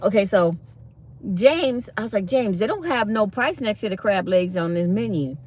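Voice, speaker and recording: A woman's voice: mid-range voice, normal speed, slight background noise. A middle-aged woman, hosting a live stream and chatting to viewers as she animatedly retells a conversation. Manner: chatty, animated retelling of dialogue, reads chat aloud. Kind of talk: casual storytelling to viewers.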